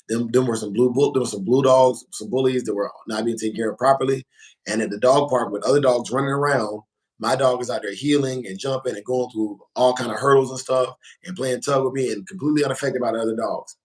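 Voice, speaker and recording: A man's voice: medium pitch, brisk, poor audio. A man hosting a casual livestream, talking in an emphatic, informal way and repeating phrases for emphasis. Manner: informal slangy speech. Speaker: livestream host.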